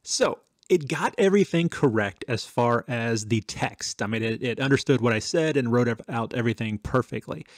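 A man hosting a tech channel, chatting casually through a software demo with some fillers and dictated test sentences. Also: medium pitch, animated, normal speed, hardly any pauses, no room sound.

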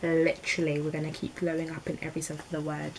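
A woman's voice: deep voice, completely flat delivery, quick pace, background noise. A woman in her twenties with a London accent, rambling chattily through a beauty vlog with slangy asides. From England. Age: 20s. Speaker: beauty vlogger. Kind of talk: casual chat.

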